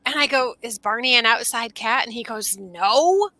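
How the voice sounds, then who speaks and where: A woman co-hosting a casual podcast chat, telling a story in a lively way and acting out the voices she quotes, talking on a video call from outdoors. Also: on the high side, normal speed, no room sound. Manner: animated, acts out quoted voices. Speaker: podcast co-host. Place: outdoors under an umbrella.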